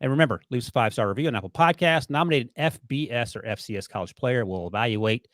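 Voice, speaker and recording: A man's voice: medium pitch, animated, fast, a bit bright, no room sound. Man hosting a podcast with dry sound. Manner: playful teasing banter. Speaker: podcast host. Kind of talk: casual podcast chat.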